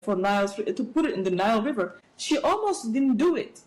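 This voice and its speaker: A middle-aged woman speaking as an interview guest, giving animated, preachy advice with playful asides. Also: on the high side, a little fast, low-quality recording. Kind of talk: casual interview talk.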